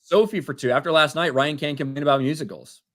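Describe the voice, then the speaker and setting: A man's voice: a little high, quick pace, fairly bright tone. A man in his thirties co-hosting a casual livestream, reading out viewer donations and laughing along. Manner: reads names and messages, laughs often.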